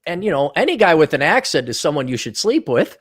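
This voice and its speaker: Quick and very animated, this American man's voice is a little high, a bit bright and husky. He hosts a laid-back livestream chat, reading donations, teasing his guest sarcastically and cursing without restraint.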